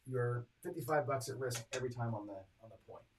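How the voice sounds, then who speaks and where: A man's voice: mid-range voice, brisk, very noisy. A man hosting a live craps stream, chatting casually as he calls each roll and totals up his bets for viewers. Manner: chatty, reads dice rolls and tallies bets aloud; talks to chat viewers directly. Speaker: craps strategy host.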